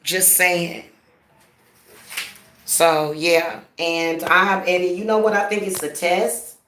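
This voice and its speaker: A woman's voice: fairly low pitch, flat delivery, slow pace, a bit bright, echoey room, a little hiss or hum. Blunt, profane woman ranting at home. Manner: blunt, profane, laughing, talks straight to viewers. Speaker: spiritual practitioner vlogger. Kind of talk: casual ranting vlog.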